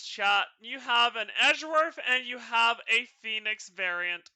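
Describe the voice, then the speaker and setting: A woman's voice: a little high, a little slow, hardly any pauses, bright, forceful tone, no room sound. A woman streamer playing a detective game for the first time, chatting casually and reading the dialogue aloud in playful voices.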